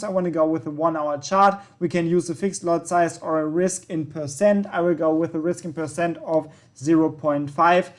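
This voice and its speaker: Casual man hosting a trading tutorial. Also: a little high. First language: German. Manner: casual, self-correcting with frequent ums and yeahs. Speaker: trading channel host. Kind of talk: screen-recorded tutorial walkthrough.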